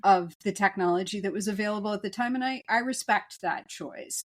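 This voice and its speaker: A woman's voice: mid-range voice, fairly quick. A woman co-hosting a film podcast, joking and rambling with frequent restarts in casual chat. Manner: jokey, rambling, many restarts. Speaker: podcast co-host.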